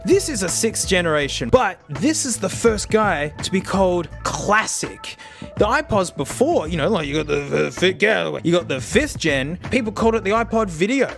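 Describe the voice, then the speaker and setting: A young man talking casually in a tech review vlog, excitable and jokey, with loud bursts of laughter. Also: on the high side. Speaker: tech video host.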